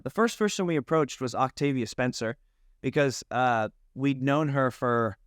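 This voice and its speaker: A man's voice: medium pitch, moderate pace, clear, resonant tone, no echo, studio quality. A man, a film director, telling anecdotes in a casual interview and acting out the dialogue.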